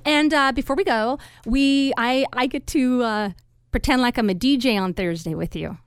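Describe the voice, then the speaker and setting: A woman from California talks with an easy, chatty warmth and breaks into frequent laughter. Her voice is a touch higher than most women's. The sound is close and dry, with no room echo. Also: moderate pace, clear, resonant tone. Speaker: real estate agent guest. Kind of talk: casual chat.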